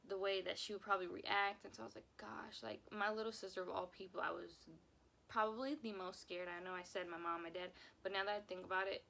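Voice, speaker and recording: Young woman with a creaky voice. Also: mid-range voice, fairly even intonation, fast talker, pushed and bright. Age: young adult. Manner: emotional, rambling, repeats herself. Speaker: vlogger. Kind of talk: casual story time.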